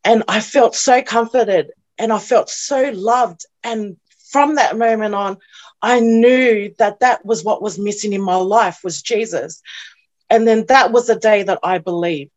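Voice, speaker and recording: A young woman giving an emotional personal testimony as an interview guest, earnest and halting, often repeating herself, at times near tears. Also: medium pitch, a little mellow, highs cut off. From New Zealand.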